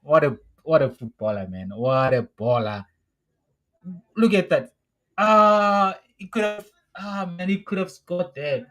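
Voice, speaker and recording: A young South African man hosting a live football watch-along, reacting excitably and repeating his exclamations. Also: fairly high pitch, a little slow, low-quality recording. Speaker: football show host.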